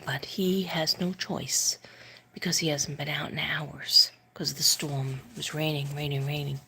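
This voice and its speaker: A woman chatting casually on a live stream from home, rambling and soft-spoken, often dropping to a whisper. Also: deep voice, a little hiss or hum.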